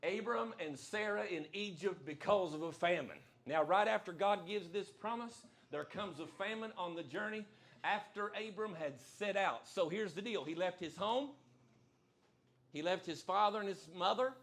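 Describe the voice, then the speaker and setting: A man's voice: high voice, moderate pace, fairly bright tone. A man preaching a live sermon in a church, emphatic and folksy, repeating his key lines. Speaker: pastor. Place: church sanctuary, live service.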